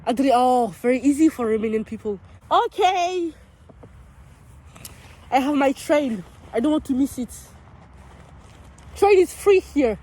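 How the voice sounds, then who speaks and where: A young woman from France chatters in English with a French accent, her voice sitting very high. She teases and overreacts playfully as she films a casual street vlog. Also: lively intonation, measured pace, pauses often, mellow. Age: young adult. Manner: bubbly, teasing, exaggerated reactions. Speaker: vlogger.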